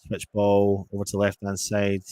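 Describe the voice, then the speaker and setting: A man's voice: lowish voice, completely flat delivery, normal speed, mellow, smooth, no echo. A man giving live fan commentary on a football match, ranting angrily between play-by-play calls. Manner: frustrated, ranting, swearing.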